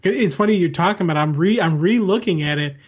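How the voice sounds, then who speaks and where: A man's voice: high-pitched, quick pace, slightly rough. A man co-hosting a podcast in casual chat, rambling with frequent restarts. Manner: rambling, many restarts and fillers. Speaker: podcast co-host.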